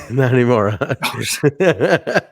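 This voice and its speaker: A man's voice: medium pitch, extremely slow, gravelly, slightly rough, dry recording. A man co-hosting a casual wrestling review podcast, laughing often and acting out what wrestlers said. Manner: animated, laughs often, acts out quotes. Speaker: podcast co-host.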